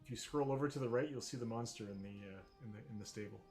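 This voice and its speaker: A man serves as game master for an online tabletop session. He talks in a relaxed, halting way, often restarting his sentences as he describes the monster's moves. His voice sits at an ordinary middle pitch. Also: soft background music.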